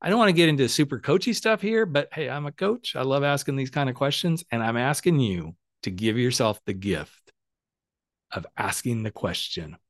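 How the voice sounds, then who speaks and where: Middle-aged male podcast host and coach, animated and emphatic, mid-pitched, dry close mic. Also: normal speed, no room sound. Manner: animated, emphatic, swears freely. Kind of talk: casual motivational monologue.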